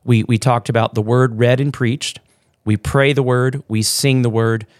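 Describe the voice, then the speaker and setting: A male pastor co-hosts a church podcast, chatting in an easy, joking way and often restarting his sentences. His voice sits at an ordinary pitch. The recording is close and dry, with no room sound. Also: a little slow, no echo. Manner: relaxed, joking, with frequent fillers and restarts. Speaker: pastor, co-host. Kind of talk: casual podcast chat.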